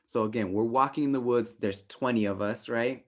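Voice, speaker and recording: A young adult man leads a relationship workshop in a relaxed, lively style, frequently voicing his quoted thoughts in playful tones. His pitch is medium and his pace moderate.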